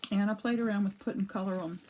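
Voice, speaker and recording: Woman, casual live craft demo, chatty, rambling, cough drop in mouth, mid-range pitch, home art studio. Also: steady tone, quick pace, darkish tone, a little hiss or hum, rough recording. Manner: chatty, greets viewers by name mid-demo; rambling, with frequent restarts and asides. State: talking around a cough drop.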